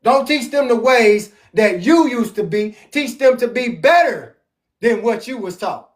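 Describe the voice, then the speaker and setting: A man with a very high voice leads a scripture lesson from his home. He preaches with emphasis and reads the verses aloud. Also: expressive, measured pace. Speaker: religious teacher. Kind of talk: scripture teaching on a live stream.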